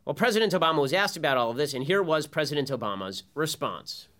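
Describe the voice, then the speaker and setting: A man's voice: fairly high pitch, lively intonation, quick pace, fairly bright tone. A man hosting a political commentary show, talking emphatically with sarcastic rhetorical questions. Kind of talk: opinion commentary monologue.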